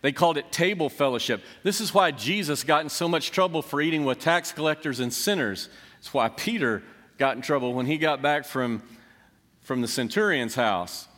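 A man's voice: a little high, lively intonation, moderate pace, fairly bright tone. A man preaching a sermon as pastor, earnest, building emphasis with rhetorical questions. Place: church sanctuary. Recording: long church hall reverb.

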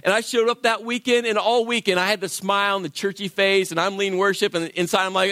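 A man's voice: high voice, quick pace, few pauses, no room sound, studio quality. A man, a worship leader, telling a personal story as a sermon and acting out the voices of people in it. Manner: animated, acts out quoted voices.

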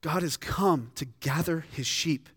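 A man's voice: a little high, measured pace, fairly bright tone, slightly rough, no echo, studio quality. A man preaching a sermon in an earnest, conversational way, often restarting his sentences. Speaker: pastor.

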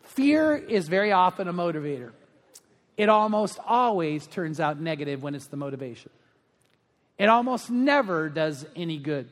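A man's voice: fairly high pitch, sing-song, normal speed, big-room sound. A middle-aged male pastor giving a sermon, telling stories in a chatty way with many fillers. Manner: anecdotal storytelling with frequent fillers.

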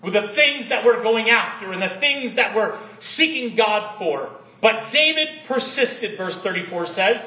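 A man's voice: high-pitched, animated, measured pace, echoey room, lo-fi sound. A man preaching a sermon with energy, reading stories aloud and building to emphatic peaks. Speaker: pastor.

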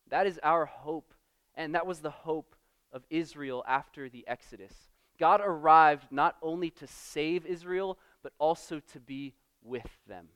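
A man's voice: fairly high pitch, a bit bright, clean tone. A young man preaching a sermon, earnest and emphatic, often restarting his words as he builds a point.

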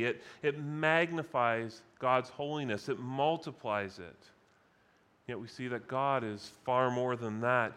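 A man preaching a sermon in a measured, emphatic way, slowing down to stress key words. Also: medium pitch, fairly bright tone, clean tone.

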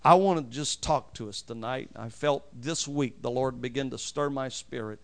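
A man preaching a sermon as pastor, reading scripture slowly with strong emphasis and calling for amens from the congregation. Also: medium pitch.

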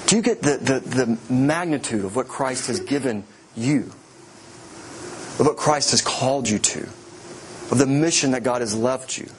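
A man's voice: medium pitch, moderate pace, a little hiss or hum. A man, a pastor, preaching a sermon with vivid storytelling, often repeating and restarting words.

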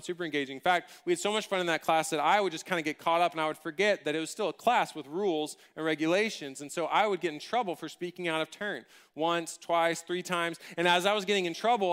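Bright, animated preacher man. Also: on the high side, smooth. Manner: animated, humorous, conversational. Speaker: pastor. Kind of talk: sermon with personal storytelling.

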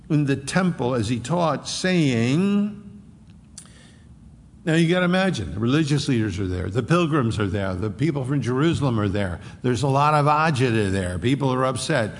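Gravelly man preaching in a hall. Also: mid-range voice, moderate pace. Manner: animated, emphatic, repeats phrases for stress. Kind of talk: expository sermon. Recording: long reverb of a large hall.

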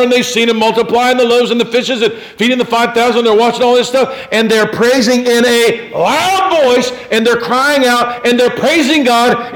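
Preaching with a very high-pitched voice, a pastor gives an animated sermon. He moves from shouts to hushed tones and reads scripture aloud with declamatory force.

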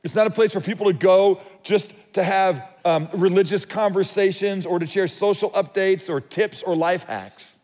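A pastor preaches a sermon in a conversational, storytelling style, often restarting his sentences, while the long reverb of a large hall surrounds him. His voice sits high with a darkish tone, moving at a moderate pace with few pauses.

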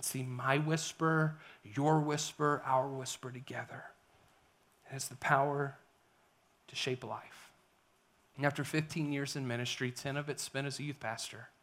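A middle-aged man preaching a sermon as a pastor, animated, swinging between loud emphasis and hushed whispers. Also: medium pitch.

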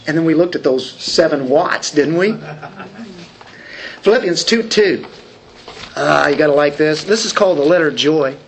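A man's voice: a little high, expressive, normal speed, long pauses. Man preaching a sermon. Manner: conversational preaching with questions to the congregation. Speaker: pastor.

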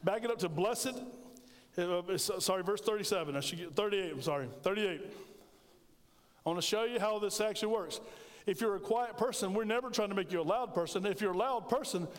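A man's voice: high voice, fairly quick. A middle-aged man preaching a sermon as pastor, telling stories with animation and joking with the congregation. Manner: storytelling, animated, jokes with congregation. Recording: reverberant church sanctuary.

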